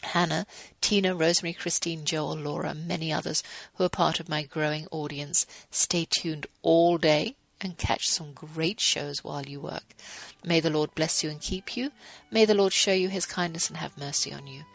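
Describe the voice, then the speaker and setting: Fifties lady radio host, low gravelly voice, dry close sound, earnest and devotional. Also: fairly even intonation, normal speed, no echo, rough recording. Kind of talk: reading aloud and closing remarks.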